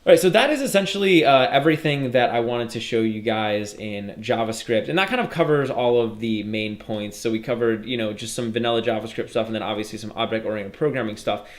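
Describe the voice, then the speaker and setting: A man teaching programming in a relaxed, conversational way, walking viewers through code on his screen and speaking to them as "you guys". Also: mid-range voice, fairly quick, hardly any pauses. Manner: casual explanatory walkthrough, addresses viewers as "you guys". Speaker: programming instructor. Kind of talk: screen-recorded coding tutorial.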